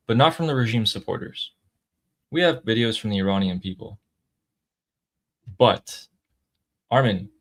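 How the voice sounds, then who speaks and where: A man's voice: on the low side, fairly bright tone. A man hosting a political commentary show, mocking and conversational. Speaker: host.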